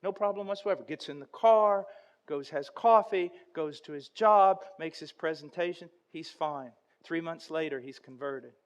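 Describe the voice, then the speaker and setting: Man, preacher, high voice, dramatic storytelling, sermon. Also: moderate pace. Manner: dramatic storytelling, building to loud intensity.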